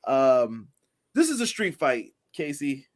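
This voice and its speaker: A man's voice: mid-range voice, sing-song, takes it slowly. A man co-hosting a casual wrestling review podcast, laughing often and reading out viewer comments. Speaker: podcast co-host.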